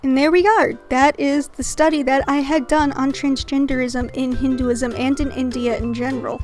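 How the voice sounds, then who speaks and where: A woman's voice: high voice, steady tone, normal speed, over music. A woman hosting her channel, reading a scripted educational narration earnestly and dropping in casual slangy asides. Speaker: channel host.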